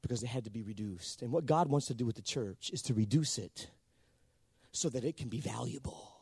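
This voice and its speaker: A man preaching a sermon in an animated way, calling on the congregation for answers. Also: medium pitch, a little fast, gravelly, breathy edge, no room sound, studio quality. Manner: animated, calls for responses from the congregation.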